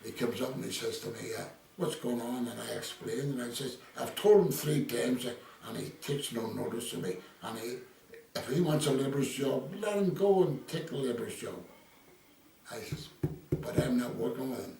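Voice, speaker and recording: A man's voice: mid-range voice, moderate pace, gravelly, a little mellow, a little hiss or hum. An older Irish man being interviewed, telling rambling stories full of quoted dialogue. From Ireland. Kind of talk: casual storytelling. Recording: echoey room, distant mic, faint ambience.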